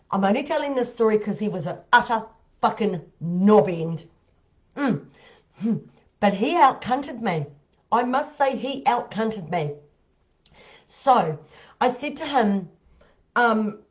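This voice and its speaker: Profane woman telling dating stories. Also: medium pitch. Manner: blunt, heavily profane, laughing asides. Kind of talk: casual storytelling monologue. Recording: dull lo-fi audio.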